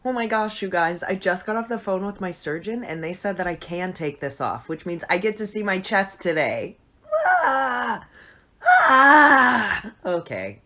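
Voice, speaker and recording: Excited woman with a lively, bright voice. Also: fairly low pitch, normal speed, few pauses. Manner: excited, bubbly. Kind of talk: casual vlog update.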